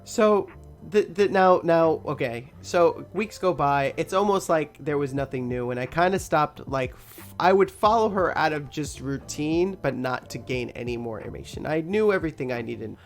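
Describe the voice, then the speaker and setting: A man's voice: on the high side, lively intonation, normal speed, soft background music. Young man rambling through a story. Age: young adult. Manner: rambling, laughs often, swears freely. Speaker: podcast host. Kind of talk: casual storytelling.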